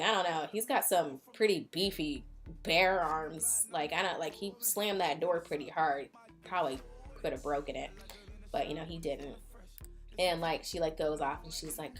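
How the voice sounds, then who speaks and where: A young woman chats through a film recap in a low voice. She rambles along and leans on filler words. The tone stays casual and offhand. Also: steady tone, normal speed, soft background music. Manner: rambling, filler-heavy with many likes. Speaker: vlogger. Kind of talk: casual movie recap chat.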